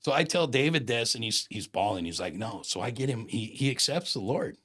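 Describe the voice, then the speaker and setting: A man's voice: medium pitch, expressive, a little fast, fairly bright tone. A man in his fifties telling a personal story in a casual, slangy, emphatic way, acting out the dialogue. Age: 50s.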